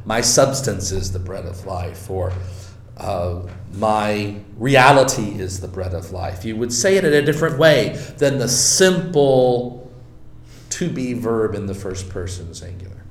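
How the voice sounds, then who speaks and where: A man teaching a Bible study, reading scripture aloud slowly and then explaining it with deliberate emphasis. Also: on the low side, animated, echoey room.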